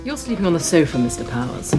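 A woman's voice: deep voice, sing-song, fast talker. An actress playing a prim, stern British female spy in a film clip, with music behind.

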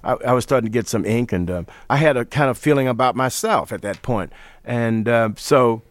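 A man from St. Louis telling stories in an interview, relaxed and often laughing, acting out the voices he quotes. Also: medium pitch, a little fast, dry recording. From St. Louis, USA. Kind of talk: storytelling interview.

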